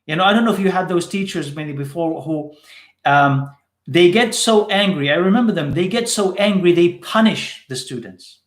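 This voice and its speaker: A man's voice: high voice, moderate pace. Emphatic male teacher in a roomy space. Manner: repeats short phrases for emphasis. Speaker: Islamic teacher answering questions. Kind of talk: live Q&A teaching.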